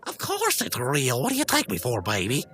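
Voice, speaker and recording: A woman's voice: rumbling low, huge pitch swings, normal speed, a bit bright. A woman co-hosting a podcast, improvising a comedy sketch in a rambling, flustered way. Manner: rambling, flustered comic delivery. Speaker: podcast co-host.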